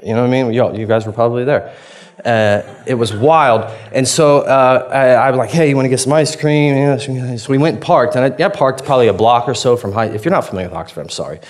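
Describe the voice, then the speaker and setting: A man's voice: medium pitch, fast talker. A man preaches a sermon in a mid-range voice. He is chatty and self-deprecating, laughing often as he tells a story about himself. He acts out his own past reactions in a loose, conversational way. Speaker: pastor.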